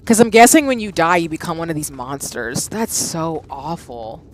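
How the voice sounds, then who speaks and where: A woman in her thirties streaming a game live, reacting with loud exclamations and chatting with her viewers. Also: deep voice, sing-song, normal speed. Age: 30s.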